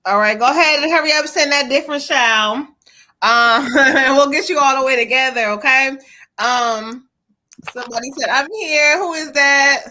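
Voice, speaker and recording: A woman's voice: high voice, moderate pace, sharp tone. A woman hosting a live psychic reading stream over a video call, chatty and casual, laughing easily and talking to the viewers. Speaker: host and psychic medium.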